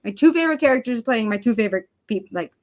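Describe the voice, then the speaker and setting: A young woman chatting casually as a guest, animated, swearing freely and acting out her own quoted lines. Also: fairly high pitch, fast. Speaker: podcast host guest. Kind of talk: casual chat.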